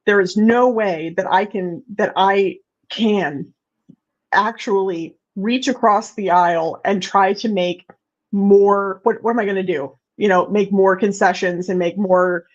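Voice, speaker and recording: A woman's voice: medium pitch, fairly even intonation, a little slow. A woman hosting a casual online chat talks candidly, swearing and restarting her sentences. Her voice comes through a somewhat dull, lo-fi recording. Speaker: host. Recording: dull lo-fi sound.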